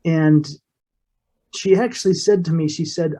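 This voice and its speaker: A man's voice: a little high, warm tone, husky. Earnest man telling an emotional story. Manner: earnest, emotional, halting with restarts. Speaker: interview guest. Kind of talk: personal storytelling in an interview.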